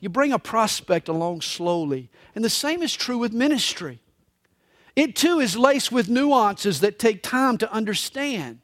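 Male pastor preaching a live sermon, high voice with a wide, lively swing, dry close sound. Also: a little slow, no room sound. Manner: expressive storytelling preacher. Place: church service.

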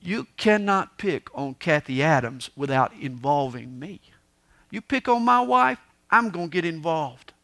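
High-pitched, bright-voiced male preacher. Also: very animated, measured pace, creaky. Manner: dramatic preaching, swings from loud to hushed. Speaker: pastor. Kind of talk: sermon.

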